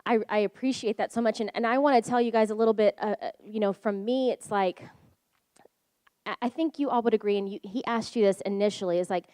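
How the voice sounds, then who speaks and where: A woman's voice: mid-range voice, fast, darkish tone, no room sound. A woman talking casually to a Sunday gathering on a handheld mic, chatty and loose. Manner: chatty, many fillers and restarts. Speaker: co-speaker at a Sunday service. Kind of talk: casual talk to a congregation.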